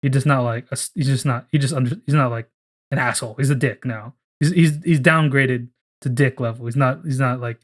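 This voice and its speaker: A young man talking loosely on a casual podcast, his thoughts running on in a loose ramble. He swears freely and slips into quick voices for characters as he pitches a story. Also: fairly even intonation. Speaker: podcast co-host.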